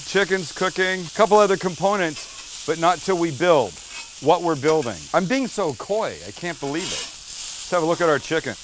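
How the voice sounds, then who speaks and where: A man's voice: a little high, a bit bright, slight background noise. Playful man cooking at a griddle. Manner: playful, teasing, chatty. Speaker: cooking show host. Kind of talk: casual cooking demo.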